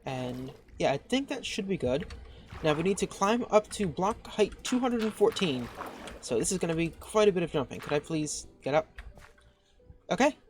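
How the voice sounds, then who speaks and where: A woman giving casual gameplay commentary as a channel host. She talks excitedly, thinking aloud and restarting her sentences. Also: lowish voice, normal speed, a little hiss or hum.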